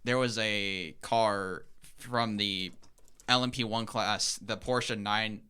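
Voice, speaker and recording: A man's voice: fairly low pitch, fairly even intonation, takes it slowly, sharp tone, clean tone. A young man co-hosting a podcast, eagerly explaining in a casual, rambling way with lots of fillers. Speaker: podcast co-host.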